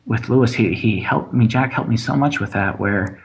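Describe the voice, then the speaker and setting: A man's voice: mid-range voice, moderate pace, gravelly, low-quality recording. A man who is a playwright, speaking in a casual conversation as a guest, often restarting and repeating words.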